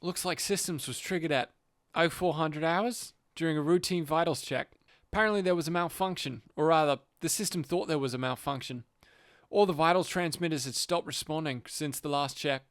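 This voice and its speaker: A man's voice: a little high, a little fast, dry recording, clean studio sound, close to an everyday voice. A man voicing a male field agent who explains things steadily. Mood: explaining.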